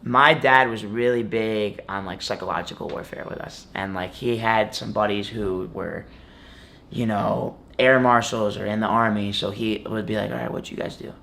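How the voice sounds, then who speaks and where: A man's voice: lowish voice, fairly even intonation, normal speed, creaky, bright, forceful tone. Young man rambling through a story. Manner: rambling, filler-heavy storytelling with many "like"s. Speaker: guest wrestler. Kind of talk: casual interview.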